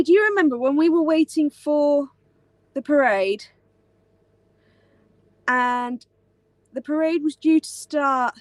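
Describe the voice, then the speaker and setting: In a high-pitched voice, a young British woman hosts a live stream, chatting casually and rambling with many fillers such as um and like. The recording is dry.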